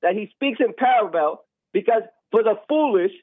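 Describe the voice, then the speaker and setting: A high-voiced man preaching and arguing as a caller, agitated and quick to talk over the other person. His voice comes through a thin, tinny phone line that sounds dry and close. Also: lively intonation, dry recording. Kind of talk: heated religious argument on a call-in show.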